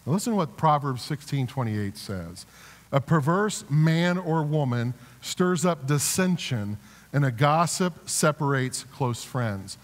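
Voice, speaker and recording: A man's voice: on the high side, lively intonation, a little slow. A man preaching a sermon as a pastor, earnest, with repeated restarts, building to emphatic exhortations. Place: church sanctuary. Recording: reverberant church sanctuary.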